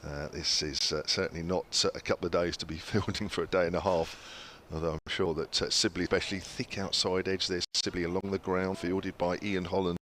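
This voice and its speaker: A man giving relaxed ball-by-ball cricket commentary, chatty and full of small fillers. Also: low voice, fairly quick, few pauses, a little hiss or hum.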